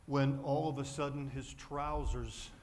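A man's voice: mid-range voice, fairly even intonation, unhurried, background noise. A man preaching a sermon from a church pulpit, telling a story with lots of fillers and restarts. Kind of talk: sermon with anecdote.

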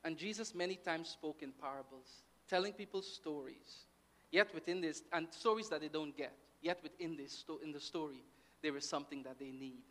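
A man from Guyana delivers a sermon in a high, bright, forceful voice. He talks in an engaged, back-and-forth way, often asking the congregation for an "amen" or a "right.". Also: normal speed. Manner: lively, with call-and-response "amen" and "right" checks. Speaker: preacher.

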